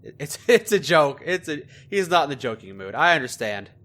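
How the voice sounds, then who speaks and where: Sarcastic guy narrating his game run, high lively voice, bright. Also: moderate pace. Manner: sarcastic, joking, role-playing his character aloud. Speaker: gaming video host. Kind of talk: gameplay commentary.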